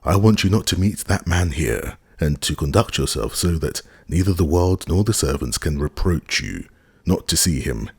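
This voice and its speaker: A man's voice: extremely low pitch, expressive, normal speed, creaky, husky, no room sound, clean studio sound, exaggerated voice. A man voicing a cold, sarcastic middle-aged husband in an audiobook, stiff and contemptuous. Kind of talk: audiobook character reading.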